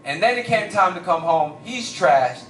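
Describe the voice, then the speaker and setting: A young male stand-up comic with a fairly high voice, spinning an animated story in casual slang. His voice rings around a roomy live venue, picked up from across the room. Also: normal speed, distant mic, a little hiss or hum. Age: young adult. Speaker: stand-up comedian. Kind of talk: stand-up comedy.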